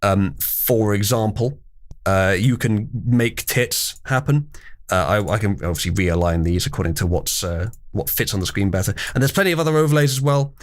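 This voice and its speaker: A man's voice: lowish voice, moderate pace. A man hosting a livestream, chatting casually and rambling with wry asides to his chat. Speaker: livestream host.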